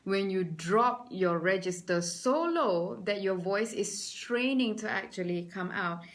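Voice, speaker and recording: A middle-aged woman with a Malaysian accent, a presentation skills trainer giving a lively webinar lecture and stopping to greet viewers by name. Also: mid-range voice, a little slow.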